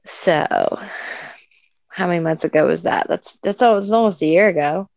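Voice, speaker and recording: A woman's voice: fairly low pitch, moderate pace, vocal fry, a little mellow, dry recording. A woman co-hosting a casual podcast, rambling, laughing often and swearing freely. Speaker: podcast co-host.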